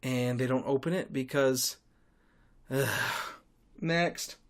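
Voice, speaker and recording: Young guy ranting on his podcast, sarcastic and crude, regular middle pitch. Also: steady tone, slow. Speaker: podcast host. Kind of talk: solo podcast monologue.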